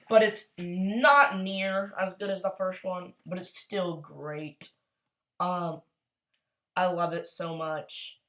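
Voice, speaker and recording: A woman chatting casually as a YouTuber, gushing and excitable, rambling along with quick apologies. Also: on the low side. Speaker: YouTuber ranking movies. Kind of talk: casual tier-list chat.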